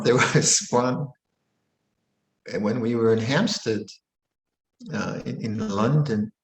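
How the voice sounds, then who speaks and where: A male Buddhist monk giving a dharma talk, telling stories gently and chuckling often. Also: mid-range voice. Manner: gentle, amused storyteller who chuckles often. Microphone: online video session. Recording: roomy hall echo.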